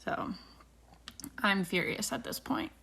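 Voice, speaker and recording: A woman's voice: mid-range voice, expressive, slow pace, creaky, pushed and bright, slightly rough. A woman in her thirties, a beauty vlogger, chatting casually and retelling a dispute with indignation while doing her makeup.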